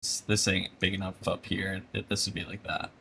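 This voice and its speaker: A man's voice: deep voice, monotone, moderate pace, creaky, sharp tone, a little hiss or hum. A man chatting casually on a live stream while he draws, rambling with lots of filler and laughter.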